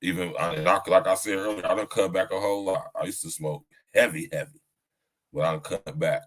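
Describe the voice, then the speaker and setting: A man hosts a relaxed live podcast, chatting straight to his listeners. His talk is loose, slangy and profane, broken up by easy laughter. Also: low-pitched, a little fast, low-quality recording. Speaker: podcast host. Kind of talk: casual live-stream chat.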